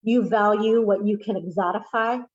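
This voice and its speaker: A woman poet giving a deliberate, emphatic poetry reading over a video call. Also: mid-range voice, a little mellow, muffled recording.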